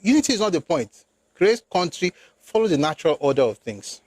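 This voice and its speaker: This male political commentator speaks briskly in a fairly high, slightly mellow voice with big pitch swings, recorded dry. His opinionated monologue is emphatic and rhetorical, slips into phrases, alternates English with Yoruba, and builds into indignant outbursts.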